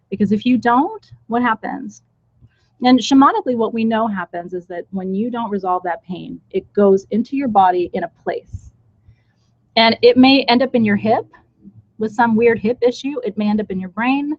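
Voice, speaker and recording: A woman's voice: mid-range voice, normal speed, no echo. Candid woman teacher on a dull, dry stream. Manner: candid, chatty, blunt, with frank asides. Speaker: spiritual teacher leading a live ritual. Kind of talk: casual live-stream talk. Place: indoors with a small group in the room.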